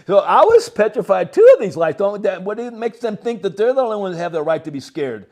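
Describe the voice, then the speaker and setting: An older man, telling a long story as a guest, animated and halting, with frequent chuckles. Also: high-pitched. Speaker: interview guest. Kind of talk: rambling storytelling.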